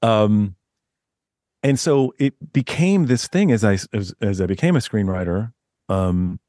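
A man guest on a podcast interview, talking casually as an author, rambling and animated with many restarts. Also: lowish voice, measured pace, no echo, studio quality.

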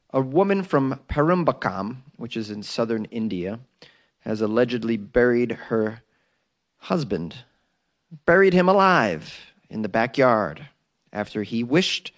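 Male comedian hosting a news podcast; loose, riffing, jokey reads. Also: mid-range voice. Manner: loose, joking, riffing asides.

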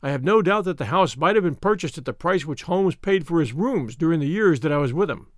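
Man reading a story with lively, expressive pitch. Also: no room sound, clean studio sound. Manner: measured, expressive first-person reading. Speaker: narrator. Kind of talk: scripted audiobook narration.

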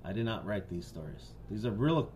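A man's voice: on the low side, expressive, moderate pace, darkish tone, a little hiss or hum. A man co-hosting a podcast, joking crudely and reading stories aloud. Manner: crude, joking, laughs a lot. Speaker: podcast co-host.

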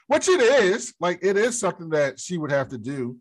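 A man's voice: on the high side, big pitch swings, a little fast, hardly any pauses. A young adult man with an African American English accent, co-hosting a casual show recap in a laid-back, rambling way. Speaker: podcast co-host.

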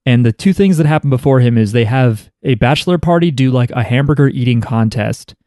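A man's voice: medium pitch, expressive, brisk, dark tone, clear, resonant tone, dry recording, clean studio sound. A man telling rambling stories in casual podcast chat, often breaking off and restarting his sentences. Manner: rambling, self-interrupting storyteller.

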